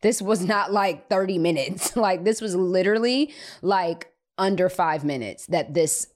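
A woman with a low voice tells a personal story on her podcast. She is chatty and animated and fills her talk with little asides and filler words. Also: unhurried. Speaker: podcast host. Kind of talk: casual storytelling.

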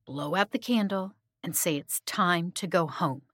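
A woman voicing a cautious, caring middle-aged aunt who gently warns her niece. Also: fairly low pitch, a little slow, no echo, clean studio sound. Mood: cautioning.

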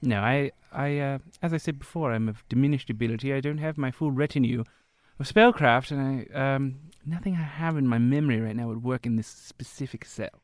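A man's voice: medium pitch, brisk, hardly any pauses, no room sound, natural voice. A man voicing a pompous, haughty wizard locked in a jail cell, theatrical in his speech. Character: pompous diminished male wizard prisoner.

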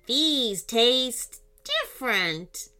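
A woman voicing a friendly little male video game robot who talks slowly and cheerfully. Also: on the high side, huge pitch swings, bright, forceful tone, clean tone, soft background music, full character voice.

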